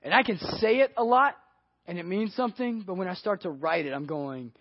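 A male pastor preaching a sermon earnestly, swinging between hushed and emphatic delivery. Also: a little high, brisk, no room sound. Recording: dry, dull lo-fi audio.

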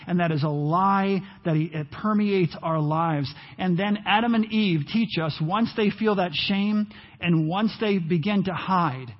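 A man preaching a sermon in church, animated and at times rising almost to a shout. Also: high voice, measured pace, dull audio. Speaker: pastor.

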